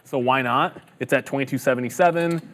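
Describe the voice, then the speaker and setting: A man's voice: mid-range voice, brisk, fairly bright tone. A man co-hosting a live trading stream, bantering casually and then thinking aloud about stock levels and trades. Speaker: co-host of a live trading show.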